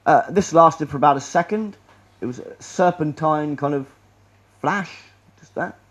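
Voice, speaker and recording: Speaking a little slowly in a fairly high voice, a man gives a lecture-room audience a rambling, sarcastic presentation. He frequently goes back and starts his sentences anew.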